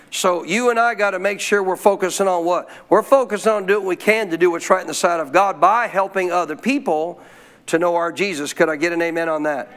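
A man with a high voice preaches a sermon to a congregation. He keeps calling out questions for the room to answer and draws out key phrases slowly for emphasis. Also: fairly bright tone. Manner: call-and-response preaching with frequent questions to the congregation; slows to stress key phrases. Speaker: pastor.

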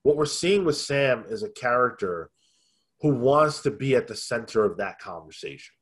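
A man co-hosting a podcast, chatting casually in a thoughtful way, often pausing with ums and restarting his sentences. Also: mid-range voice, expressive, fairly bright tone. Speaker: podcast co-host. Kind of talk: casual review chat.

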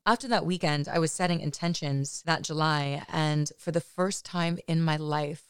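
A woman's voice: low-pitched, fairly even intonation, normal speed, smooth, dry recording, studio quality. A woman podcast host telling a personal story in a candid, chatty way, often adding "you know" asides.

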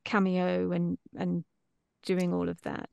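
Middle-aged actress guest, rambling and self-deprecating, dry close sound. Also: female voice, fairly low pitch, monotone, takes it slowly, creaky, a little mellow, clean tone, no room sound, muffled recording. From Britain. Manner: chatty, self-deprecating, many restarts. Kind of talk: casual interview chat.

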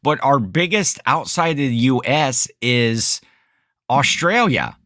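A man's voice: mid-range voice, expressive, slow, sharp tone, dry recording. Guy cohosting a podcast, rambly and laughing, dead dry sound. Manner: chatty, laughs often, rambling restarts. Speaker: podcast co-host. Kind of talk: casual chat.

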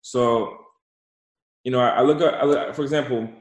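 A man telling an animated story and giving motivational talk as an interview guest, repeating himself for emphasis. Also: medium pitch, moderate pace, roomy sound, rough recording. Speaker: guest, entrepreneur.

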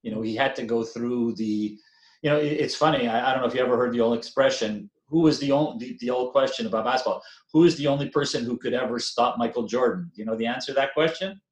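A man's voice: medium pitch, quick pace, reverberant, low-quality recording. A man in his sixties, a veteran basketball coach giving an interview, talking casually with many fillers and restarts and the odd self-deprecating chuckle. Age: 60s.

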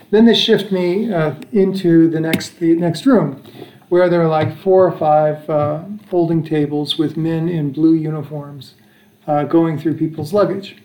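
A man's voice: a little high, warm tone, slight background noise. An American man in his sixties casually telling a long travel story, rambling along with restarts and chuckles. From United States. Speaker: father telling travel stories. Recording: echoey room.

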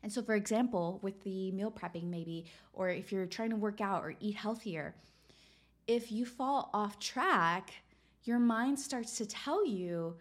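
Speaking a little slowly in a mid-range voice, this self-help podcast host keeps things casual and encouraging. She peppers her talk with "right?" to check in with listeners.

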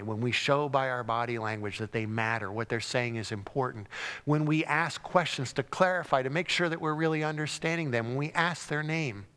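A man's voice: medium pitch, a bit bright. A man preaching a sermon, telling the story dramatically and acting out the cries and crowd lines. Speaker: pastor. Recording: long hall reverb.

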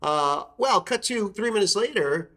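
A man's voice: high-pitched, animated, a little slow, pushed and bright. A middle-aged man, a guest actor and improviser, telling a comic story in casual chat with rambling, self-interrupting tangents.

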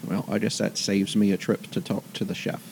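A man playing a tabletop role-playing game, thinking aloud about plans in a relaxed way. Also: lowish voice, fairly quick, gravelly, slight background noise, poor audio. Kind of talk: casual tabletop game chat, partly in character.

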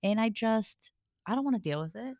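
A woman's voice: on the high side, expressive, fairly quick, darkish tone, no echo, studio quality. A woman in her thirties co-hosting a podcast in casual chat, blunt and candid, swearing freely. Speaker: podcast co-host.

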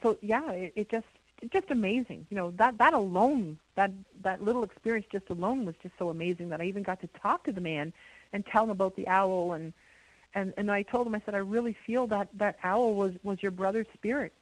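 A middle-aged woman from Canada, a guest in an interview, telling a story in an animated way with many repeated words. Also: mid-range voice, brisk, no echo, poor audio. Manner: animated, repeats words, imitates owl hoots.

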